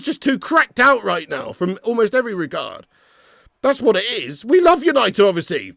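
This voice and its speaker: A man hosting a live football watch-along, reading viewers' messages and ranting with lots of swearing, loud one moment and low and glum the next. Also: big pitch swings, moderate pace, gravelly, dry recording, studio quality. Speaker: YouTube fan channel host.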